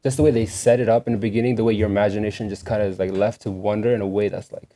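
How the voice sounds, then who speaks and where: A man's voice: fairly low pitch, very fast. A young man co-hosting a podcast, chatting casually and animatedly, filling his talk with "like". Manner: animated, rambling, heavy use of "like". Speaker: podcast co-host. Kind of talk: casual chat.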